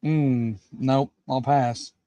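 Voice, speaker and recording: A man's voice: mid-range voice, fairly even intonation, extremely slow, warm tone, no room sound. Male stream guest, laid-back, few words, dry close sound. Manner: laid-back, brief replies. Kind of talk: casual chat.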